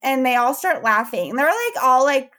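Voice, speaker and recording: A young woman chatting into a podcast mic with a slightly high voice. She tells a story casually, animated and laughing often, acting out what everyone said. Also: moderate pace. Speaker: podcast host telling her birth story.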